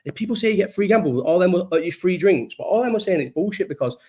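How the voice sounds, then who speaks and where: Young guy rambling on a stream, lots of swearing and laughs, voice a bit high. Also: expressive, quick pace, dark tone. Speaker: livestream host. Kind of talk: casual chat reading live chat.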